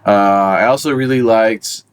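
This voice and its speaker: A man's voice: medium pitch, fairly even intonation, normal speed. A man co-hosting a podcast in a casual movie chat, rambling and hesitant, with lots of "um" and "like". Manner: rambling, hesitant, full of fillers. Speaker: podcast co-host. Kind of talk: casual film discussion.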